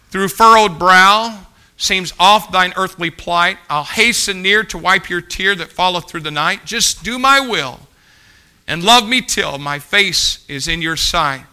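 A man preaching a sermon as pastor, reading a poem aloud slowly and expressively, swinging between loud emphatic lines and soft, low ones. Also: clean tone.

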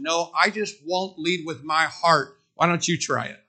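Forceful, bright-voiced male preacher. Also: on the high side. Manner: emphatic preaching, repeating phrases with dramatic pauses. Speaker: pastor. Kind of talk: sermon. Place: church sanctuary.

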